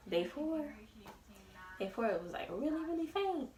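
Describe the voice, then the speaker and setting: A young woman telling a story in a casual, animated and emphatic way. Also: sits high, normal speed, long pauses, distant mic, a little hiss or hum. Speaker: vlogger. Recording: roomy, away from the mic.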